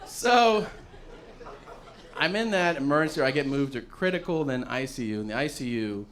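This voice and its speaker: A man doing stand-up comedy, telling a long story with plenty of swearing and acting out what other people said. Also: a little high. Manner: profane, acts out other people's lines.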